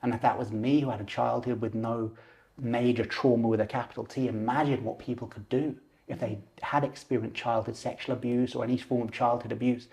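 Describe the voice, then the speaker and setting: A man in his forties, a lucid dreaming teacher and podcast guest, telling a personal story in an animated way. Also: medium pitch, fairly quick, vocal fry. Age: 40s. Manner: animated, acts out voices and gestures while telling.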